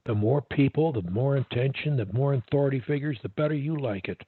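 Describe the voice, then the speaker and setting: A man's voice: medium pitch, a little fast, breathy edge, dry recording. A man coaching a stutterer one-on-one over a call, upbeat and repetitive, giving pep-talk instructions. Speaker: speech coach. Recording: tinny phone-like line.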